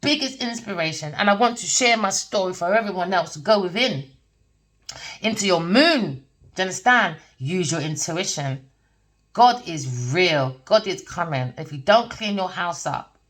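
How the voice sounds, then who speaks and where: A woman with talks through a tarot reading, her pitch leaping around in a lively, sing-song way. She rambles and preaches in a blunt, casual manner, swears freely, and keeps checking whether you understand. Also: moderate pace. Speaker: tarot reader. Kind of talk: casual spiritual monologue.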